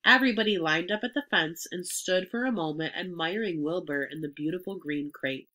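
Woman storybook reader, bright and slightly low, expressive narration. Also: brisk. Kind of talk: storybook read-aloud.

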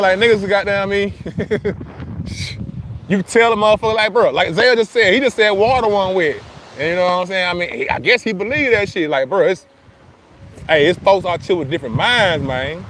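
A man's voice: high-pitched, a bit bright, slight background noise. A middle-aged man hosting a casual outdoor livestream, talking loosely and profanely, laughing often and answering comments. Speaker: livestream host. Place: outdoors at a beach.

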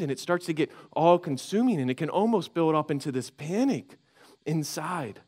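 A man preaching a sermon as pastor, conversational and animated, acting out inner voices with frequent restarts. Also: mid-range voice. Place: church sanctuary.

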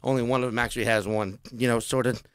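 A man's voice: mid-range voice, fairly even intonation, fast talker, clean tone, no echo, studio quality. A man telling a comedy story in casual talk, acting out the voices of the people in it.

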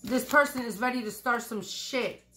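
A woman's voice: on the high side, normal speed, faint music behind. A woman doing a casual tarot reading, blunt and profane, repeating her points. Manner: acts out quoted lines loudly. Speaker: tarot reader.

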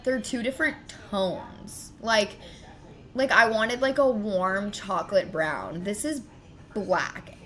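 A woman's voice: medium pitch, takes it slowly, fairly bright tone. A young woman streamer in casual chat, telling a story in a rambling way. She sounds hurt and frustrated, fills her talk with fillers and swears as she vents.

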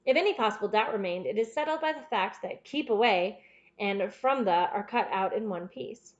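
Woman as a crisp, assured male detective. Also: medium pitch, expressive, normal speed, muffled recording, lightly acted. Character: keen, confident male detective, brisk and precise.

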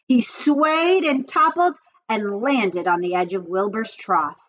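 A woman reading a children's book aloud in an expressive storytelling manner. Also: mid-range voice, slow, highs cut off. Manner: lively, expressive reading with character voices.

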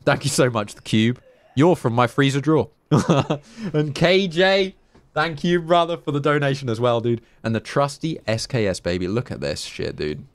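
A man's voice: mid-range voice, moderate pace, no room sound. A young English man streaming a survival game, chatting casually, swearing freely and thanking donors by name. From England. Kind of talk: live gameplay commentary.

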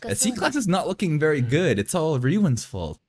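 A young man giving casual, excitable commentary on an anime episode, thinking aloud and swearing freely. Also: a little high, normal speed. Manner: wry, playful running commentary. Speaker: anime reaction streamer. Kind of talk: casual live reaction commentary.

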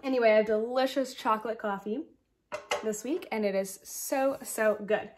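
Woman, knitting podcast host, casual chat, rambling, giggly, groggy morning voice, higher pitch. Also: normal speed, noisy background. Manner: chatty, rambling, giggly asides.

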